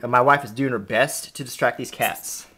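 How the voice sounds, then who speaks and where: A man's voice: medium pitch, normal speed, bright, forceful tone. A man from Alabama with a faint Southern accent, chatting casually to his camera at home as he tells family stories. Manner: conversational, amused, storytelling. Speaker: host showing family scrapbook. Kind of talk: casual vlog narration. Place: at home indoors, cats around.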